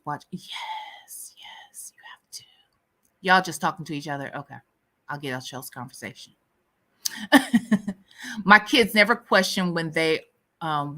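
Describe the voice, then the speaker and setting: A woman from the US Midwest with a light Southern accent, hosting a casual livestream chat with viewers in a sassy, animated way and laughing often. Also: deep voice. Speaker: livestream host.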